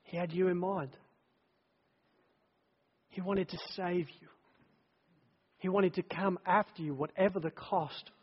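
A man preaching a sermon, telling the story dramatically, swelling from hushed lines to loud ones and repeating phrases in threes. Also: high-pitched, steady tone, a little slow, long pauses, husky, long reverb tail, highs cut off.

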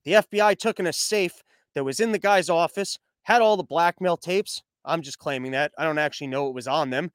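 Young male podcast host, sarcastic and mocking, clear higher voice, dry close-mic sound. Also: brisk, no echo. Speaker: news commentary host. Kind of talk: sarcastic news commentary with ad reads.

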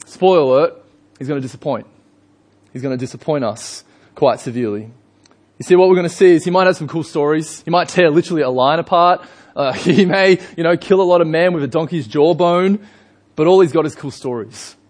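A man's voice: fairly high pitch, fairly quick. Young Australian man preaching, chatty. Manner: chatty storytelling with frequent fillers. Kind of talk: sermon.

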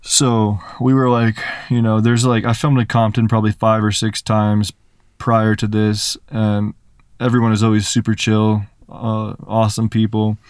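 A young man telling a story as a podcast guest, animated and full of "like" fillers. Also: fairly low pitch, normal speed, clean tone, no room sound. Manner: animated, filler-heavy retelling with lots of "like". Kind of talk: casual storytelling.

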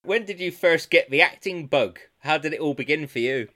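A man's voice: on the high side, normal speed, pushed and bright. Enthusiastic male podcast host. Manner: enthusiastic, admiring interviewer. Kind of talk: interview.

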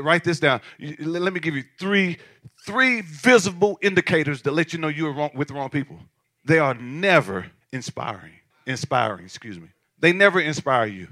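Bright-voiced man preaching a sermon. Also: fairly high pitch. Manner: preachy, conversational, jokes with congregation. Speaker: pastor. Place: church.

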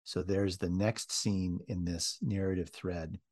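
A man preaching in a reflective way, reading from a book aloud and pausing with ums and uhs. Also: deep voice, fairly even intonation, darkish tone. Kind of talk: sermon with read-aloud passages.

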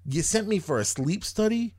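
A man's voice: high voice, expressive, moderate pace, darkish tone. Exasperated rambling man telling a story. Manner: rambling, exasperated, swears freely. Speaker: podcast host. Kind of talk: casual storytelling chat.

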